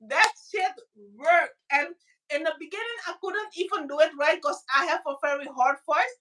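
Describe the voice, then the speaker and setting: A woman from the Caribbean with a high, bright voice, chatting as a podcast co-host. She tells stories with animation and jumps into squeaky, acted-out voices. She sits a little back from the mic. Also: moderate pace, distant mic. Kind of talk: casual chat.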